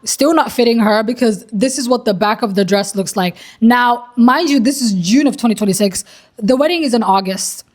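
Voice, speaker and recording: A young woman casually retelling a story in slangy, animated commentary, swearing and laughing as she goes. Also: fairly high pitch, normal speed. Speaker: commentary creator.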